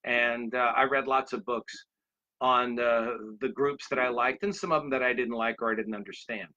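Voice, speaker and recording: A man's voice: mid-range voice, steady tone, normal speed, bright, forceful tone. A man in his sixties giving a motivational talk, rambling through anecdotes and speaking straight to his listeners. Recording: dull lo-fi recording.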